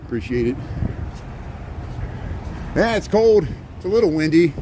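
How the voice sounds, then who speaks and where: A vlogger touring a city on foot chats on a casual livestream from a cold, windy street, rambling and answering his viewers. He speaks at a measured pace in a sing-song voice that sits on the high side.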